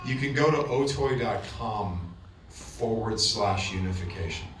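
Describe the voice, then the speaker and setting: A man guest on a convention panel, telling his story in a casual, animated way, often restarting his sentences. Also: fairly low pitch, a little slow, a crowd in the background. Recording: echoey, distant mic with room noise.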